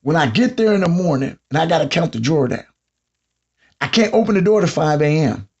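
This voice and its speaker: Southern guy on a podcast, husky and kinda high, joking around, dull lo-fi sound. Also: fairly quick. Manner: animated storytelling, mimics customers. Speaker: podcast host. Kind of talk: comedic monologue.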